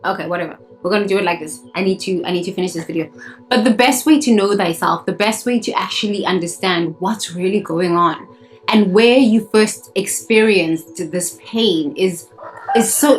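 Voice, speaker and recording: A South African woman, a spiritual coach, preaches bluntly to her phone camera outdoors in the sun, her medium-pitched voice moving at a moderate pace over soft background music. She is fiery and emphatic, swearing and repeating herself for effect in a preachy self-help monologue. The audio quality is poor.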